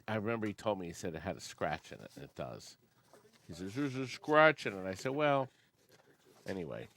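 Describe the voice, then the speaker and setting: A man in his sixties hosting a casual chat, reading old record labels aloud and humming bits of songs. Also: lowish voice. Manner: chatty, reads labels aloud and hums snatches of songs. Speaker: host of an amusement sales company show.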